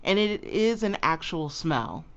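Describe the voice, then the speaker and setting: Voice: mid-range voice, big pitch swings, fairly bright tone. Playful argumentative co-host, lo-fi sound. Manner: playful, argumentative, quick to push back. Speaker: podcast co-host. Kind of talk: casual chat.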